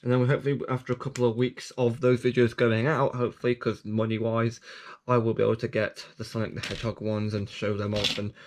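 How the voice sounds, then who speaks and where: A man's voice: medium pitch, level tone, quick pace. A man hosting his own channel, rambling through updates and app reviews with frequent restarts, self-corrections and self-mocking asides. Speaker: channel host.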